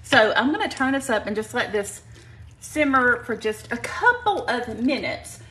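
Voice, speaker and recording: With a fairly high, bright, forceful voice that swings widely in pitch at normal speed, an Alabama woman runs a live home cooking show from her kitchen. She's folksy, greets viewers by name, says "y'all" often, and clears her throat because of allergies; the audio is poor.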